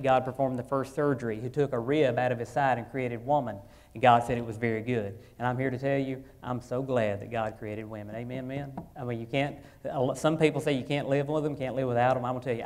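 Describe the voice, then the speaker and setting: A man preaching a sermon, his voice swelling louder on key phrases and dropping low between, with frequent restarts. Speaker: pastor.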